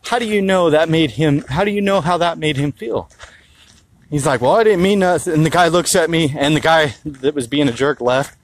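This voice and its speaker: A man's voice: fairly high pitch, moderate pace, rough recording. A man talking casually into his phone for his vlog, rambling and swearing as he tells a story. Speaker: health vlogger. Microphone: handheld phone held low.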